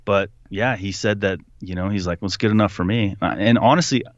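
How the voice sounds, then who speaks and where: Low-ish guy telling his story, animated, does the voices, dry dull sound. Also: brisk, no echo. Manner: animated retelling, acting out quotes. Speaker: podcast guest. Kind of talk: casual storytelling.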